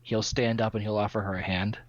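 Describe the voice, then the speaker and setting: A man playing a tabletop game talks through rolls and actions in a matter-of-fact way. His voice sits low, and the mic sounds dull and lo-fi. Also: little pitch movement, brisk. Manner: matter-of-fact rules talk. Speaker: player.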